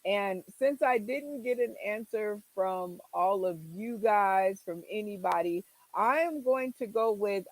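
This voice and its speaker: A woman's voice: medium pitch, poor audio. A woman hosting a casual livestream, chatting and telling stories with an exasperated tone. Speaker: livestream host.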